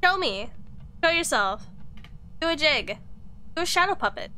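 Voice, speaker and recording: A woman's voice: high voice, big pitch swings, normal speed, sharp tone, a little hiss or hum. A woman streamer commentating on a ghost-hunting game, taunting and cursing as she calls out to the ghost. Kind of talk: casual gameplay commentary.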